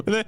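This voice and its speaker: A man streaming a video game, chatting casually with viewers in an animated way and laughing often.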